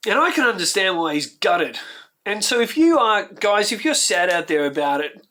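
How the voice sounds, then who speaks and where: A man's voice: high-pitched, lively intonation, moderate pace, bright, forceful tone. Emotional Australian man ranting. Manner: heartfelt, ranting, repeats himself. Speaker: YouTube host. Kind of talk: emotional reaction commentary.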